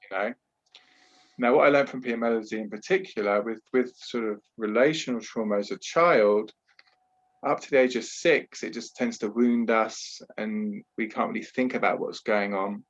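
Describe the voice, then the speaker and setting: A man talks earnestly over a video call as a therapist, explaining his methods with plenty of restarts and "you know"s. His voice sits on the low side. The audio is dull and lo-fi. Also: moderate pace. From Britain. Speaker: trauma therapist, podcast guest.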